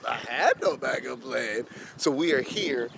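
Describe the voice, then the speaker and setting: A man's voice: mid-range voice, expressive, unhurried, creaky, a bit bright, slight background noise. Earnest man vlogging a long run. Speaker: charity runner vlogging his run. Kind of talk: casual vlog talk.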